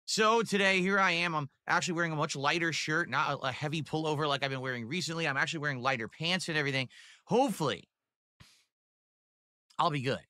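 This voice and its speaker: Rambling man streaming, bright voice. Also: fairly high pitch, fast, no echo, clean studio sound. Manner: rambling, meandering, many fillers. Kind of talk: casual stream talk.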